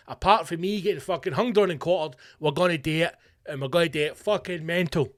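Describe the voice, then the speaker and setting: A man's voice: a little high, a little fast. A Scottish man hosting a podcast, delivering a profane, ranting comic monologue with mock-rallying slogans. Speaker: podcast host.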